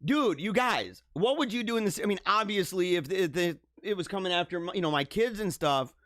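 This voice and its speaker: Young guy on a livestream going off about stuff, high voice jumping all over, dry close sound. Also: brisk, no room sound. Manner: animated, mock-outraged rants with laughter. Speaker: livestream host. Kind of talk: casual livestream commentary.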